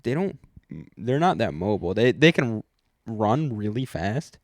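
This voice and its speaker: A man's voice: lowish voice, big pitch swings, unhurried, no echo, studio quality. A young man co-hosting a podcast, rambling and joking in casual chat, often trailing off and restarting. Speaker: podcast co-host.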